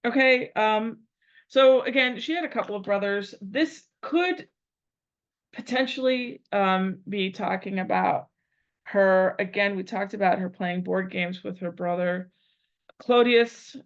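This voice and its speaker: A woman teacher works through a translation out loud, trying a phrase, repeating it and rewording it as she goes. Her voice sits at a middle pitch. The recording is dull and lo-fi. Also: unhurried. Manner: thinks aloud, repeats phrases while working out a translation. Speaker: Latin teacher. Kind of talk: live translation lesson.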